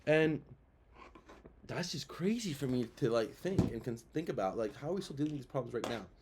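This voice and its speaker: A young man hosts his own show, offering casual commentary as he rambles through his views with lots of fillers and rhetorical questions. His mid-range voice is animated and brisk, with background noise behind him.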